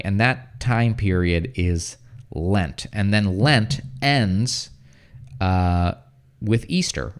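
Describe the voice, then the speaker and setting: An American man giving a casual livestream English lesson, chatting with viewers and explaining words slowly, often checking with "right?". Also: low voice. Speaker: English teacher. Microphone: streaming setup.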